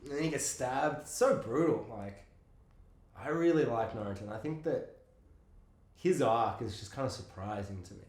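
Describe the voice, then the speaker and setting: A man's voice: medium pitch, moderate pace. A man co-hosting a casual podcast about films, talking animatedly, swearing often and acting out lines from scenes. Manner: animated, swears a lot, acts out quotes. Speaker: podcast co-host. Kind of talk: casual film discussion. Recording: roomy echo.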